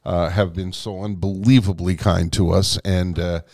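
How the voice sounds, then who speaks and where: Chatting casually on a podcast he co-hosts, a middle-aged man rambles and leans on fillers. He speaks at a normal speed in a low, darkish voice with little pitch movement, and there's a slight hiss or hum.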